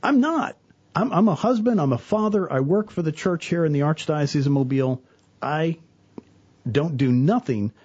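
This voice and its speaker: A middle-aged man talks about faith with earnest energy. His husky voice rises and falls widely as he acts out his stories. The sound is dry and a little dull, like a lo-fi studio recording. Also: a little high, moderate pace. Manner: earnest, animated storyteller, quotes people in voices. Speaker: church worker, guest on a talk show. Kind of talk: casual faith talk.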